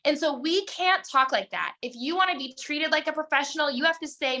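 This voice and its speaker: Woman, bright forceful voice, fairly high, direct and emphatic, motivational team call. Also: brisk, hardly any pauses. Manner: direct, emphatic, talks straight to her listeners. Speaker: network marketing team coach.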